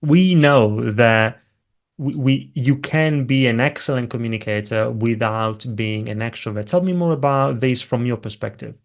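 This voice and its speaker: A man's voice: medium pitch, normal speed. A man from Italy hosting a podcast and asking thoughtful questions, often restarting his phrasing. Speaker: podcast host. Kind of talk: interview questions.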